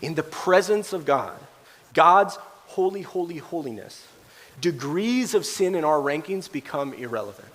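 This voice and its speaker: A man pastor preaching a sermon in a church sanctuary, animated and acting out quoted voices. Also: fairly high pitch, a little slow, in a large hall.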